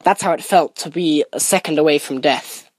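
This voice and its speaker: A woman's voice: low-pitched, normal speed, darkish tone, dry recording. A woman teaching a Torah lesson, explaining a Mishnah and telling a parable in an earnest way. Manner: earnest explaining, Hebrew and Yiddish terms woven in. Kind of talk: recorded Torah lesson with storytelling.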